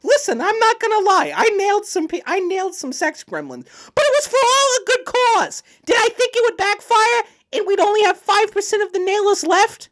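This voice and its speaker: A man's voice: very high voice, very animated, moderate pace, hardly any pauses, a bit bright, exaggerated voice. A man voicing a blunt, bossy older woman past menopause in an improvised comedy role-play. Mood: defensive. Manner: blunt, matter-of-fact, brassy.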